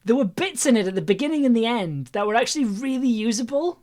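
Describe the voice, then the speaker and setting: A woman's voice: on the high side, expressive, quick pace, a little mellow. A woman chatting loosely on her own live stream about making an audio piece, rambling and laughing often at herself. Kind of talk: casual live-stream chat.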